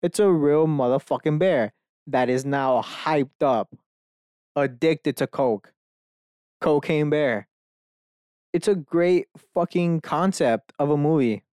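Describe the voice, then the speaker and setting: Profane, rambling man with a smooth voice. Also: on the high side, takes it slowly, pauses often, darkish tone, no room sound, clean studio sound. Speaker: podcast host. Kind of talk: casual solo monologue. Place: bedroom.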